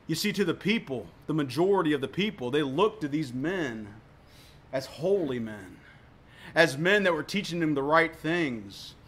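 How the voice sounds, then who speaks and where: A man preaching a sermon as pastor, emphatic, with sharp swings between loud and soft, often repeating words for emphasis. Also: on the high side, animated, normal speed.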